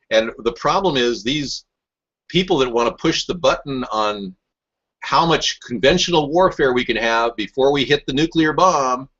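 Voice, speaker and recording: Male host, husky voice, combative and sarcastic, dull lo-fi webcast sound. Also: medium pitch, a bit bright. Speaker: talk show host. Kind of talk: rambling political talk, answering live chat.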